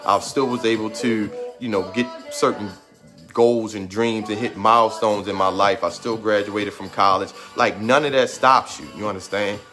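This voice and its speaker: A man's voice: on the low side, steady tone, normal speed, bright, forceful tone. Man, thirties, motivational talk, fervent and emphatic, near tears, music behind. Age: 30s. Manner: trying to hold back tears. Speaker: motivational speaker.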